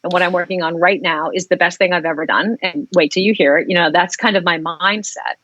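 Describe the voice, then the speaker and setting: A woman's voice: lowish voice, steady tone, fairly quick, a bit bright, dull audio. A woman singer-songwriter talking frankly and reflectively as a guest in a casual interview, rambling and swearing at times.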